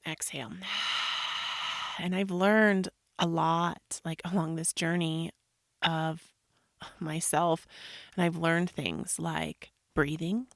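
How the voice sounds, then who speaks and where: A woman in her thirties with a lowish voice and a gravelly edge, chatting casually and openly to her listeners. Her talk rambles and is full of "like" fillers, recorded dry and close with no room sound. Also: no echo. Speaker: yoga podcast host. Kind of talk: casual personal monologue.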